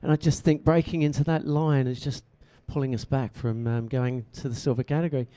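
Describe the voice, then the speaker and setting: Flat-toned man judging with measured hesitation. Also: mid-range voice, clear, resonant tone. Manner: measured and hesitant, with many ums. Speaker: competition judge. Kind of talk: spoken critique.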